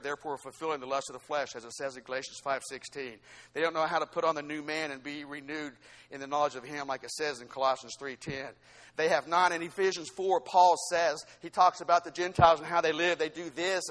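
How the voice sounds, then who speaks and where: Man, high voice, preaching, emphatic, loud then soft. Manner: emphatic, swings between loud exhortation and quiet asides. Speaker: pastor. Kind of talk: sermon.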